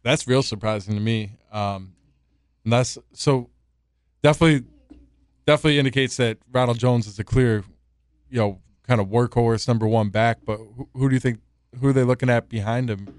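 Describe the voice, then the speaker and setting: Easygoing sports radio co-host. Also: male voice, mid-range voice, a little fast, dry recording. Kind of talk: casual sports talk radio.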